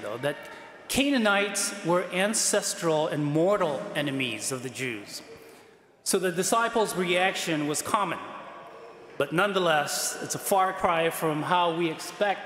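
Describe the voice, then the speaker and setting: Chatty priest in an echoey church. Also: male voice, high voice, a bit bright. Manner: chatty, with fillers and laughs. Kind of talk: conversational sermon. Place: large church.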